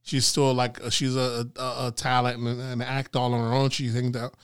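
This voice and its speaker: A man co-hosting a casual podcast, talking in an animated way, laughing often and swearing freely. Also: medium pitch, normal speed, clean tone, dry recording, studio quality. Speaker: podcast co-host. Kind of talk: casual chat.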